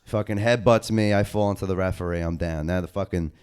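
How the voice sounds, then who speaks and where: Young male podcast host, resonant low voice, rambling hyped slang-heavy stories. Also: fast talker, smooth. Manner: loose, excited storytelling full of slang and swearing. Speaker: podcast co-host and indie wrestler. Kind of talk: casual profane chat.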